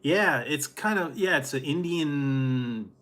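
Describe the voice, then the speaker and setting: A man's voice: on the high side, lively intonation, slow, a bit bright. A man hosting a casual food review vlog, rambling and chuckling often.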